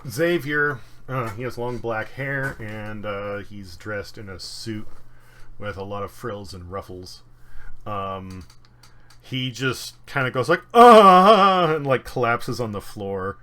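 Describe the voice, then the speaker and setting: A man's voice: lowish voice, sharp tone, a little hiss or hum. A man narrating as game master of an online tabletop game, hesitant and full of fillers. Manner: hesitant, many fillers, unhurried.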